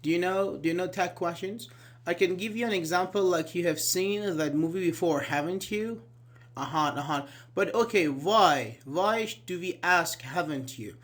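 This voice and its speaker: A man's voice: high-pitched, normal speed, fairly bright tone. A man teaching an online English grammar class, explaining patiently, repeating key words and asking students questions, with many fillers like "actually".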